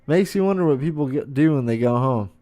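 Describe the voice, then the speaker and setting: A man's voice: mid-range voice, lively intonation, a little fast, mellow, no room sound. A young man hosting a podcast, ranting in disbelief and swearing constantly. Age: young adult. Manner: profane, incredulous, swearing often. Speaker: podcast host. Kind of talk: ranting monologue.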